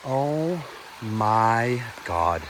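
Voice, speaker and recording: Out walking with his phone camera, a man who explores old bridges talks to his viewers in awestruck exclamations, now and then swearing or running short of breath. His medium-pitched voice is very animated, stretching words out, against background noise.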